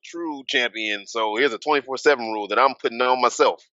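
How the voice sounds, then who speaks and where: A man co-hosting a wrestling podcast, talking in a casual, animated way and swearing, with his voice jumping high when he gets worked up. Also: a little fast, clean tone, no echo, highs cut off. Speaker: podcast co-host. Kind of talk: casual wrestling recap chat.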